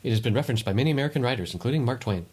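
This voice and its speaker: A man's voice: mid-range voice, expressive, racing, a little mellow, slightly rough. A man co-hosting a podcast in casual chat, giving meandering explanations with many restarts. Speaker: podcast co-host.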